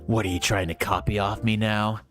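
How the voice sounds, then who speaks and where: A man reading the lines of a smug, taunting male hedgehog rival in a deep, plain voice. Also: little pitch movement, fairly quick, a bit bright, faint music behind, close to an everyday voice.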